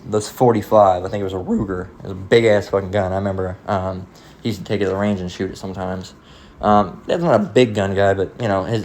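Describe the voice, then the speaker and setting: With a fairly low, slightly mellow voice, a preacher rambles through a casual, profane sermon-style monologue of stories. He acts out the voices of the people in them, and a little hiss or hum is audible.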